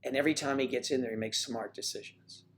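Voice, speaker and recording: Male livestream host, mid-pitched, loose jokey rambler, talking from home. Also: fast, soft background music. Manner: chatty, joking, drifting between topics. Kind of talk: casual rambling chat.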